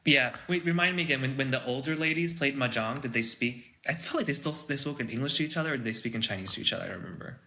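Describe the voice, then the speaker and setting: Bright, ranting male podcast co-host. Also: mid-range voice, very fast, few pauses. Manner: ranting, swears freely. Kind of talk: casual podcast chat.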